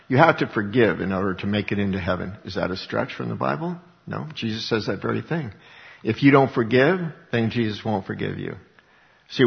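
Gravelly lo-fi preacher in a reverberant hall. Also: male voice, lowish voice. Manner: reads scripture then explains it conversationally, with rhetorical questions. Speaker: pastor. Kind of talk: sermon.

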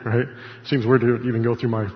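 A man's voice: medium pitch, level tone, a little fast. A man teaching scripture informally, conversational, with asides and self-corrections. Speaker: Bible study teacher. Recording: echoey hall, dull lo-fi sound.

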